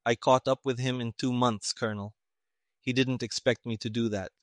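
A man reading the part of a calm, clever male detective who speaks flatly and deliberately. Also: medium pitch, no room sound, clean studio sound, natural voice. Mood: toneless, cool. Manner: flat, toneless, deliberate.

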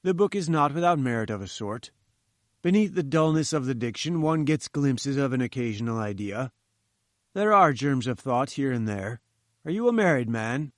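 A man's voice: mid-range voice, animated, normal speed, no echo, clean studio sound, close to an everyday voice. A man doing a pompous old professor. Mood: condescending. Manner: condescending, lecturing. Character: pompous, patronizing older male professor. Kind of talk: audiobook reading.

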